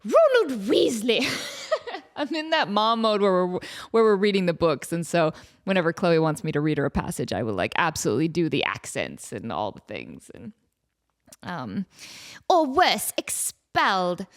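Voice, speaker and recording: A woman's voice: low-pitched, sing-song, brisk. Chatty woman podcast host. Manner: chatty, laughing, lots of fillers. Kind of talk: casual chat.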